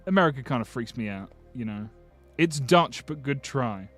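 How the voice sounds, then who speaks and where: Reading through his chat, a man from the UK banters and jokes in a medium-pitched voice with lively intonation and a moderate pace. He curses freely and keeps restarting sentences, and faint music sits behind him.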